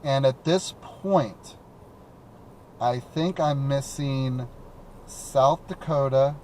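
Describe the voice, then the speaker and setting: A man's voice: mid-range voice, drawn-out words, darkish tone, a little hiss or hum. A young man hosting a call-in talk show while driving around in his car, chatting casually, rambling and repeating words with lots of fillers. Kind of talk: casual chat.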